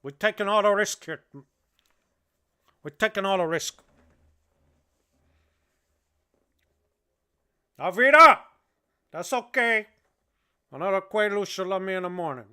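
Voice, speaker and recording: Man doing a Cuban gangster, Cuban Spanish accent, loud, raised pitch, boastful, rambling. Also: moderate pace, pauses often, smooth. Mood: swaggering. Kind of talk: comedic impression on a livestream.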